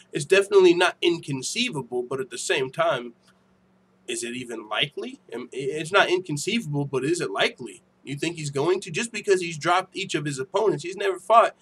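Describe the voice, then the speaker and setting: A man hosting a casual livestream, reading viewer comments aloud with profane, laughing, animated banter. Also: fairly high pitch, brisk, slight background noise. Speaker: MMA show host.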